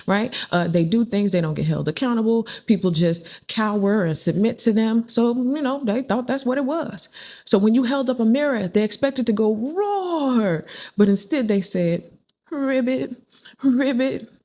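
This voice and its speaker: Speaking at a moderate pace, she has a mid-range, darkish voice with lively intonation. She's a woman doing a relaxed spiritual tarot reading, talkative and repetitive, slipping into the voices of the people she mentions.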